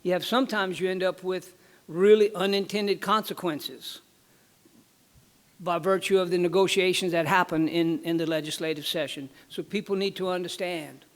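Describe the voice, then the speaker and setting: A man's voice: high voice, fairly even intonation, normal speed. Folksy man presenting at a conference. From Louisiana. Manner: folksy, joke-telling, repeats words. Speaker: regulatory board presenter.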